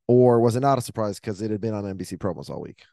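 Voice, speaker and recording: A man's voice: lowish voice, lively intonation, quick pace, creaky, mellow, dry recording, studio quality. A man hosting a casual podcast chat, thinking aloud and rambling between points. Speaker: podcast host.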